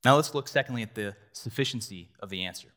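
A man's voice: on the low side, quick pace, a bit bright. Man preaching an earnest sermon. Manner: earnest, conversational preaching with asides to the congregation. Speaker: pastor.

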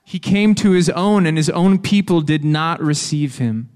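A man leading a responsive scripture reading in church with a measured, steady manner. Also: on the high side, clean tone. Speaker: worship leader.

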